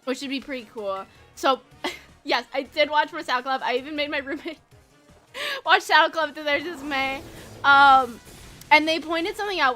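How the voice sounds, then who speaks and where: A woman's voice: high voice, pushed and bright. A young woman streaming a video game, chatting casually in a bubbly, rambling way, laughing often and swearing freely. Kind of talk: casual live-stream chat while gaming.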